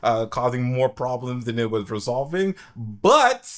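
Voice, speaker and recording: A man's voice: mid-range voice, sing-song, a little slow. A man hosting a casual opinion chat, rambling with many fillers and restarts. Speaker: podcast host.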